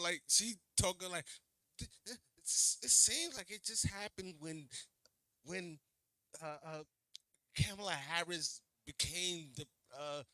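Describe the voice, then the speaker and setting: A man hosting a reaction video, talking back to an interview clip in a slangy, animated way and repeating himself. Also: sits high, no room sound, studio quality. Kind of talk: reaction commentary.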